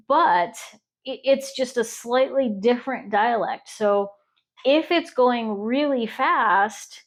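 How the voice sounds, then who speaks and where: A woman from Ohio chats casually while she crochets, rambling and stopping to count stitches. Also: on the high side. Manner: rambling and self-interrupting, pausing to count stitches. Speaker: crochet podcast host.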